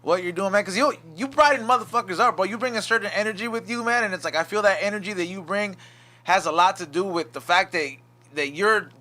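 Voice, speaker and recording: Podcast host guy, high bright voice, earnest, rambles with lots of like and you know. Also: fast. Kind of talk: casual podcast chat.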